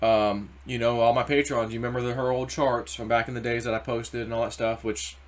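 A man hosting a casual crypto market commentary, rambling and animated, acting out quoted voices as he goes. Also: mid-range voice, brisk. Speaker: crypto video host.

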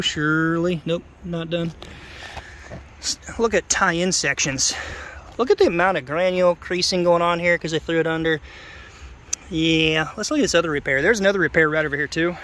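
A man's voice: a little high, a bit bright, slight background noise. Sarcastic chatty man inspecting a roof. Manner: sarcastic, chatty, talks to viewers. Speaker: roofing contractor. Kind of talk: on-site roof inspection vlog. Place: outdoors on a roof.

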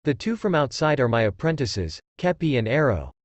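A man reading aloud and voicing an exiled adult swordsman who speaks in a cold, measured way. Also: mid-range voice, big pitch swings, dry recording, close to an everyday voice. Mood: chilly.

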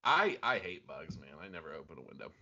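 A man co-hosting a podcast with a bright, forward voice that sits fairly low. He retells odd stories in animated, casual chat, often laughing and restarting his sentences. The sound is muffled and lo-fi. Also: fast, slightly rough. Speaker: podcast co-host. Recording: dull lo-fi sound.

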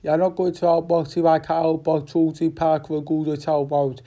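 A man giving a casual, rambling boxing fight preview, swearing often and halting with many fillers. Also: on the high side, flat delivery, warm tone.

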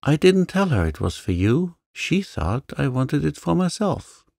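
Man doing anguished young woman, wild pleading, raised pitch, unhurried. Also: lively intonation, creaky, darkish tone, dry recording, clean studio sound. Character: distraught young woman full of remorse.

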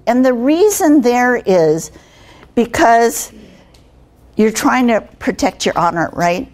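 A woman's voice: a little high, big pitch swings, takes it slowly, darkish tone. An older woman giving a conversational workshop talk on communication skills to students, asking them rhetorical questions. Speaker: guest speaker on communication skills.

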